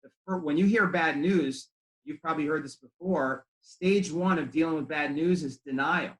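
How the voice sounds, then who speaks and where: Male practice coach, fairly high voice, chatty storyteller, roomy echo. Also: normal speed, a bit bright. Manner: conversational storytelling with acted quotes. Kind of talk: training talk to chiropractors.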